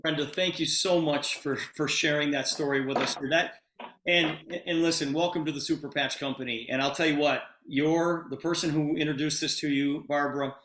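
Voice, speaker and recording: Man host on a video call, pushy and enthusiastic, voice a little high, echoey room. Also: fairly even intonation, normal speed, fairly bright tone, a little hiss or hum. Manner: urgent, emphatic, enthusiastic. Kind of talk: sales pitch on a video call.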